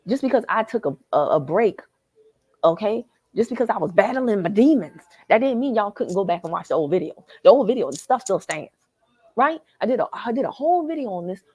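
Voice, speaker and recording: A Southern woman hosts a live chat, husky and a little raspy, her pitch leaping up and down as she gets worked up. She talks straight to her viewers, and the sound is close and dry. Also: a little mellow, no echo. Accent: Southern American. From American South. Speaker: livestream host. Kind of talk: animated live chat reading comments. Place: hotel lobby.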